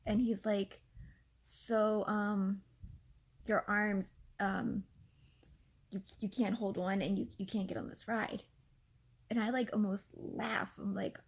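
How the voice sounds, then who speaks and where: A woman in her thirties casually telling a story from her own life, animated and exasperated, with lots of fillers. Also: mid-range voice, slow pace, gravelly, slightly rough. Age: 30s. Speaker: vlogger.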